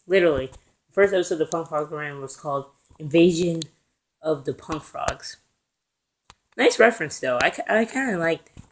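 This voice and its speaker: A man's voice: on the high side, animated, a bit bright. A young man retelling a cartoon episode casually, rambling with fillers and self-corrections, and briefly acting out the characters' lines. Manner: acts out characters' lines in quick voices. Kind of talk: casual recap.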